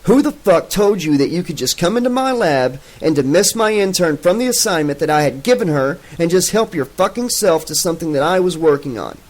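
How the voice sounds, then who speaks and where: A man voicing a shrill, foul-mouthed male scientist in a furious rage. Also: lively intonation, fairly quick, hardly any pauses. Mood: raging. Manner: shrill, shouting, swearing.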